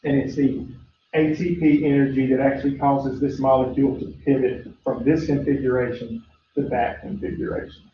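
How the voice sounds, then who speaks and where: A man's voice: medium pitch, level tone, moderate pace, far from the mic. A man teaching a recorded biology lecture in a chatty way, with frequent "uh" fillers, drifting into storytelling. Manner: chatty, lots of "uh" fillers, acts out story voices. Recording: echoey room, dull lo-fi sound, faint hiss.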